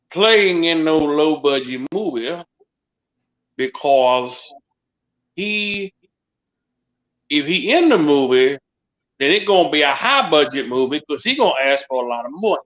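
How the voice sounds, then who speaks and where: A man putting on a slow, folksy Southern man with a Louisiana accent, drawling and rambling. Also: fairly high pitch, expressive, a bit bright, dull audio. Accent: put-on Louisiana Southern.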